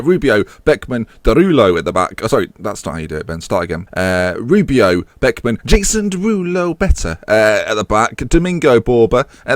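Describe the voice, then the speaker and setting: Man, low-pitched but very animated, dry close recording; playful gaming host calling his own matches with offhand jokes. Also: dry recording. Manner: jokey, rambling asides mixed with match commentary. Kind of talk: live commentary over his own football management game.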